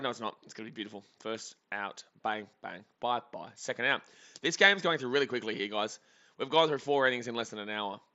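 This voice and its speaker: A man rambles cheerfully through live baseball reactions, joking with his viewers. His voice is bright and forceful, at a middle pitch. The audio is slightly dull and lo-fi. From Australia. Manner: chatty, rambling, jokey. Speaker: sports streamer. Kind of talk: live game reaction commentary.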